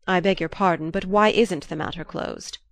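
A woman voicing a proud, irritable gentleman who speaks with irony and bluster. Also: lowish voice, moderate pace, gravelly, dry recording. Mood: bristling. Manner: ironic, blustering.

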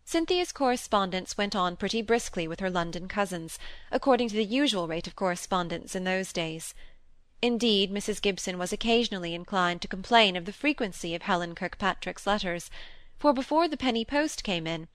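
A woman narrating a classic novel in a measured, even storytelling manner. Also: mid-range voice, dry recording. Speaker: audiobook reader. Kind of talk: scripted narration.

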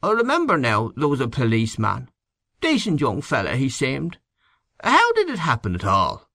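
A man's voice: medium pitch, wildly swooping pitch, moderate pace, gravelly, sharp tone, dry recording, studio quality, pitched above the performer's own voice, heavily acted. A man reading an audiobook and voicing a touchy, self-pitying middle-aged man who is easily offended. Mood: musing. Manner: indignant, then coaxing and comical. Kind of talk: audiobook character voice.

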